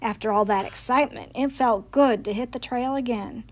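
A woman reading a picture book aloud in a lively, folksy storytelling manner, in a library. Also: a little high, moderate pace.

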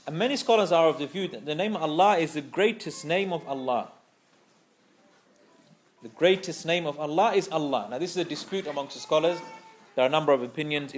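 A man teaching a scripture class, explaining patiently, repeating key phrases, and carefully pronouncing Arabic terms. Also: fairly high pitch. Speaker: Islamic teacher.

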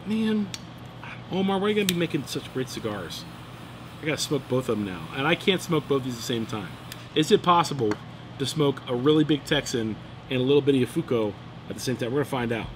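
A man's voice: medium pitch, expressive, quick pace, slight background noise. A middle-aged man hosting a cigar review, chatting in an enthusiastic, joking way. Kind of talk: casual chat. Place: room in Phoenix, Arizona.

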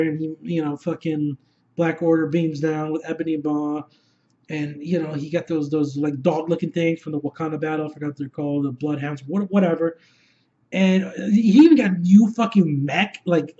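Brief: high-voiced, hyped man, rambling and swearing, muffled lo-fi audio. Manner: excitable, rambling, heavy swearing. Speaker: movie reviewer. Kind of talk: unscripted video review.

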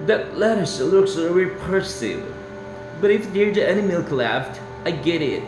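A man's voice: sits high, lively intonation, a little slow, over music, voice pushed up. A man with a Korean accent voicing a sardonic cat in a storybook reading. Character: sly, sardonic house cat. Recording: roomy echo.

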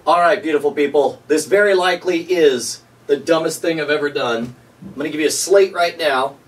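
A man chatting casually on set, relaxed and joking as he thinks aloud. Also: fairly high pitch, brisk, distant mic. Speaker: comedic performer. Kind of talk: casual behind-the-scenes chat.

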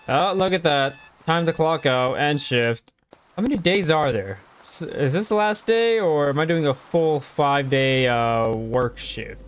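A man's voice: on the high side, animated, measured pace, a little hiss or hum. Jumpy male gamer talking through play. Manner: jumpy, talks himself through tasks; reads customer dialogue aloud. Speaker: gaming channel host. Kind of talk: let's play commentary.

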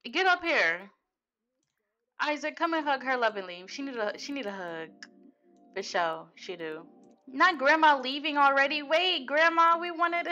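A woman's voice: sits high, bright, forceful tone. A young woman casually commenting on her life-sim gameplay, chatty and slangy, laughing at what her characters do. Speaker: Sims let's play host.

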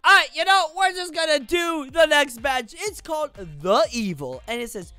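A woman with a high, very lively voice gives silly, exclamatory gameplay commentary. Her pitch jumps all over as she talks, with faint game music behind her. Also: normal speed, few pauses, dry recording. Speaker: gaming YouTuber.

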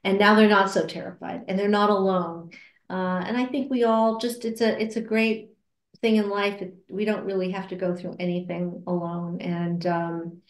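A woman being interviewed about her work at a cancer support center, speaking earnestly and reflectively, with many hesitations and restarts, and acting out quoted remarks in a higher voice. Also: little pitch movement, normal speed. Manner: acts out quoted remarks with raised pitch. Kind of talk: casual interview conversation. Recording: roomy echo.

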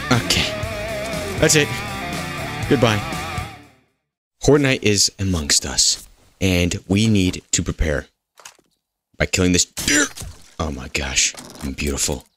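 A man with a low, deep voice talks over his own survival gameplay. He jokes around, wanders off topic and bickers with the characters in the game. Soft music plays faintly underneath. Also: sing-song, takes it slowly, pauses often. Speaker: gaming host. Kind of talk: goofy gameplay commentary.

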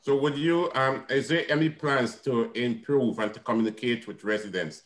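Man as meeting chair, mid-pitched, hesitant, long questions on a video call. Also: rough recording. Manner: halting, many ums, long questions. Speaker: committee chair. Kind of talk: chairing an online council meeting.

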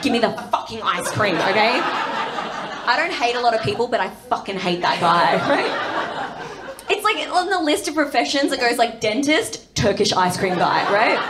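A young Australian woman performing stand-up comedy, chatty and quick to act out lines, tagging jokes with "right?". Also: a little high, very noisy. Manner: chatty, lots of "right?" tags, acts out lines.

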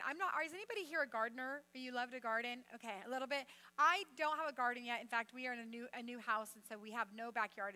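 Middle-aged female guest preacher, animated, bright tone, high voice, engages the congregation. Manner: animated, talks straight to the congregation with questions. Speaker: guest speaker. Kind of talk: sermon. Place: church.

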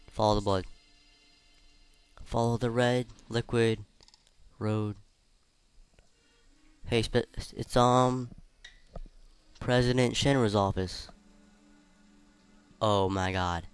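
A man playing a video game and chatting about it in casual commentary, swearing freely and reacting loudly. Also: medium pitch, fairly even intonation, slow pace, long pauses, clear, resonant tone, faint music behind. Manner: reads game dialogue aloud in between remarks. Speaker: let's player.

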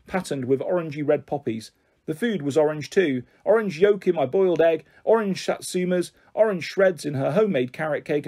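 Husky, mellow man reading a children's book. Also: on the high side. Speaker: storyteller.

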